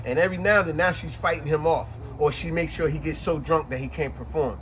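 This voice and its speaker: A man's voice: fairly high pitch, quick pace, a little hiss or hum. Guy chatting about a book, tells the whole plot, acts out the quotes. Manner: animated storyteller who acts out the quotes. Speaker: book reviewer. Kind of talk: casual retelling of a novel.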